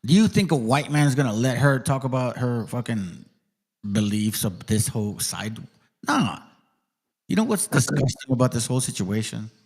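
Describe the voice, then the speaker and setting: A man hosting a casual chat who reacts to a video with quick, profane banter. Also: mid-range voice, darkish tone, slightly rough.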